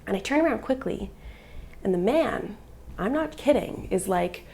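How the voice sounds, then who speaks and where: Mom on a live vlog, kinda gravelly, all worked up telling it, lots of "like". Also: female voice, mid-range voice, expressive, normal speed, darkish tone, a little hiss or hum. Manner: agitated, upset retelling with many "like" fillers. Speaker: vlogger and mother. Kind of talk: emotional live-video storytelling.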